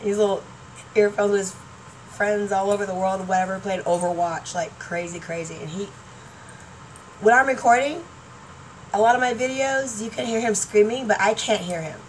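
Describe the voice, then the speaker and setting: A woman's voice: mid-range voice, normal speed. Chatty woman vlogging from a distance. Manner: chatty, excitable, laughing often, trailing off. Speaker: YouTuber. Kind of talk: rambling casual vlog chat. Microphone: laptop webcam mic. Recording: distant mic, faint room noise.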